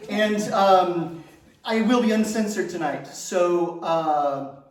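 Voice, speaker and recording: A man's voice: high voice, slow pace. A man performing a stand-up comedy set, self-mocking and fishing for applause for himself. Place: comedy stage before a live audience. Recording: echoey room, far from mic.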